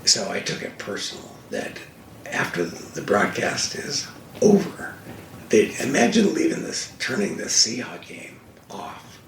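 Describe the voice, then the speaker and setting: In a gravelly voice on the low side, a little slow, an older racing TV commentator tells stories as a guest in a casual fireside talk, full of animated emphasis. Faint hiss and echo come through from the distant mic.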